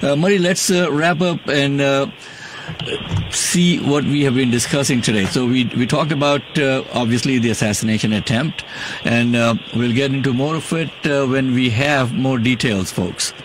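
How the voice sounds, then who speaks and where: A man's voice: mid-range voice, normal speed, noisy background. A man with a non-native accent hosting political talk radio, talking in a blunt, emphatic, opinionated way. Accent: non-native English accent. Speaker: radio talk show host.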